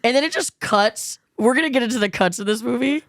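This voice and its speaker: A woman's voice: on the high side, fast, no room sound. Laughing woman recapping a movie. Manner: animated, laughing storytelling. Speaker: podcast co-host. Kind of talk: casual chat recapping a movie.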